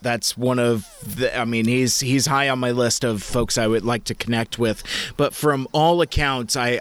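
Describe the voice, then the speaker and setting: A man's voice: mid-range voice, a bit bright, clean tone. A man hosting a casual interview, talking hesitantly with frequent restarts. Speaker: podcast host.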